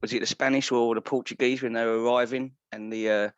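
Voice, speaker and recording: A man's voice: mid-range voice, flat delivery, quick pace, clean tone, no echo, muffled recording. A man speaking earnestly in a casual group chat over a remote call. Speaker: guest.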